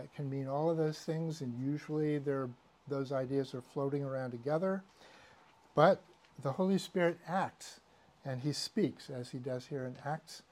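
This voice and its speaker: A man's voice: mid-range voice, darkish tone. A man teaching a church doctrine class in a conversational lecture style, with fillers and asides.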